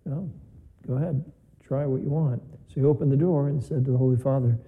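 Mellow-voiced priest giving a chatty homily. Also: male voice, mid-range voice, fast, vocal fry, poor audio. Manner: conversational storytelling with quoted dialogue. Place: chapel.

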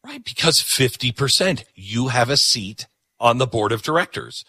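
Man, talk host, emphatic monologue, lively swinging pitch, bright tone, dry close sound. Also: normal speed, husky, dry recording. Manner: emphatic, repeats words for punch. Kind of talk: opinionated talk-radio monologue.

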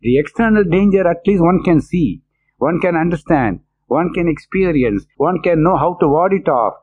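A man giving a devotional discourse, earnest and repetitive, breaking into quick chanted verses between his explanations. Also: sits high, expressive, husky. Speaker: religious lecturer. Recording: tinny phone-like line.

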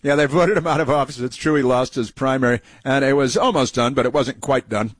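A man's voice: mid-range voice, brisk, no room sound. A man hosting a political talk show, commenting with mocking, combative asides and many fillers. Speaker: radio talk host. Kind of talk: political commentary over played clips.

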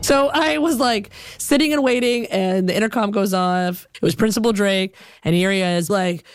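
A woman telling a personal story in an animated, reflective way, with many "like" fillers. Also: mid-range voice, moderate pace, clear, resonant tone, no echo. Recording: music playing behind.

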